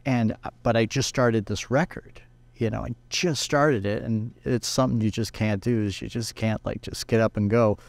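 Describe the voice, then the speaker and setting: A male guest guitarist telling anecdotes in a lively way, briefly acting out what other people said. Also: lowish voice, moderate pace, vocal fry, no echo. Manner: acts out other people's lines while telling stories. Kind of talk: animated anecdotal storytelling.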